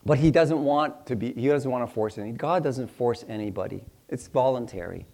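A man's voice: medium pitch, fairly quick, a little mellow. Middle-aged pastor guy giving a chatty bible teaching, cracks jokes, does little voices for people. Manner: chatty and joking, acts out little dialogues in voices. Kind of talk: conversational Bible teaching sermon.

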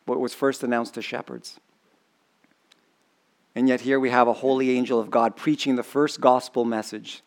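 A man preaching a sermon in a conversational way, often asking the congregation questions. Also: medium pitch. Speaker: pastor.

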